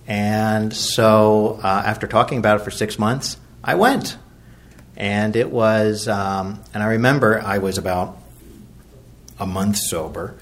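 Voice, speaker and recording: A man's voice: lowish voice, measured pace. A middle-aged man from Virginia sharing his recovery story at a meeting, rambling and self-deprecating, with many fillers and restarts. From Virginia, USA.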